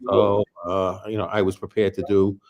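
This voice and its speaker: Male host, lower voice, loose rambling delivery, blunt and crude. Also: flat delivery, moderate pace, darkish tone, highs cut off. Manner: rambling, many restarts and fillers; blunt and profane. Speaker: show host. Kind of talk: casual political talk.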